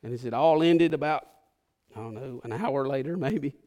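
A man preaching a sermon in an emotional, conversational way, moving from hushed confession to fervent pleas. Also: medium pitch, moderate pace. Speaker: pastor.

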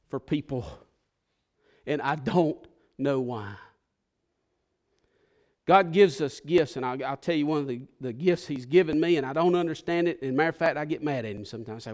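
A man preaching in a fairly high voice. He talks to the congregation like friends, dropping to near-whispers and then rising to fervent, pleading peaks. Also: moderate pace. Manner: emotional, conversational preaching that swings from hushed to fervent. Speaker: pastor. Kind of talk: sermon.

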